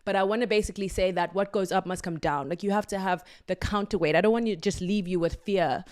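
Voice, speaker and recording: A woman's voice: mid-range voice, fast talker, a little mellow. A woman hosting her own podcast, talking solo in an effusive, affirming and playful way. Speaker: podcast host.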